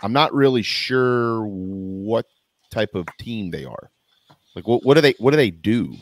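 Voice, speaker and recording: Lively man in dry close sound. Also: lowish voice, measured pace, no echo. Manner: emphatic, repetitive restarts, lively. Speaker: sports podcast co-host. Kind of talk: casual sports chat.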